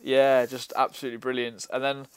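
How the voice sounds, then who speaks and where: Brief: young guy, resonant voice, dry close sound, relaxed storyteller. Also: mid-range voice, fairly quick, smooth, no echo. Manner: relaxed, chatty, laughs often. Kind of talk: casual chat.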